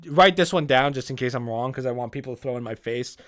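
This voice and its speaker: A man's voice: medium pitch, fast talker, a bit bright. A young man hosting a casual solo podcast, rambling and cursing, often restarting sentences and searching for words. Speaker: podcast host.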